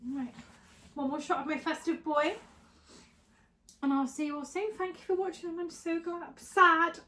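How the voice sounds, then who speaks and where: A woman's voice: extremely high pitch, little pitch movement, moderate pace, sharp tone. A young woman talking casually to camera at home, chatty and openly emotional as she answers viewer questions. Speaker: lifestyle vlogger.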